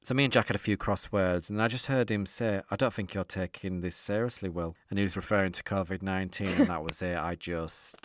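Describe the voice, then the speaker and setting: A man's voice: sits low, fairly even intonation, brisk, few pauses, no room sound. A man telling a candid story in casual chat, acting out the dialogue of the people in it. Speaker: guest storyteller.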